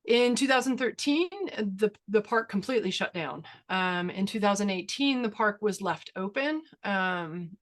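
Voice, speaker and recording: An upbeat woman photographer leads a webinar over a video call, mid-pitched and chatty. She tells stories with animated enthusiasm, sprinkling in fillers and laughs. Her voice sits right in the middle of the usual female range. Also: normal speed, few pauses. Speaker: photographer and workshop instructor. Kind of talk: webinar presentation and Q&A.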